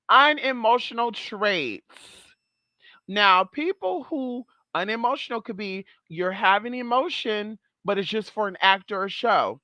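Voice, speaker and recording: A sassy vlog host chats straight to camera, swearing freely and calling the audience "girl" and "honey". The voice is bright and forward, and the sound is dry and close with no room echo. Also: mid-range voice, very animated, a little slow, muffled recording. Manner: sassy, profane, chatty, calls viewers girl and honey. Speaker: channel host. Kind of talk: casual vlog commentary.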